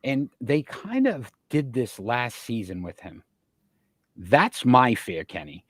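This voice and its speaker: A man's voice: medium pitch, very animated, slow, slightly rough, no room sound. A man hosting a sports talk show, asking long winding questions full of statistics. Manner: asks long, winding questions packed with stats.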